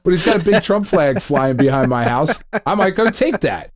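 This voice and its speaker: Animated, swearing podcast host, a man. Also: on the high side, normal speed. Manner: animated, swears a lot, laughs often, acts out quotes. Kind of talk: casual chat.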